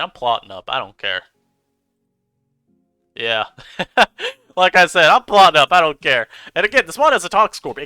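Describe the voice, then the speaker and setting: A man giving chatty, animated commentary over his own gameplay as a streamer, laughing often. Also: high voice, no room sound. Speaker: online game streamer.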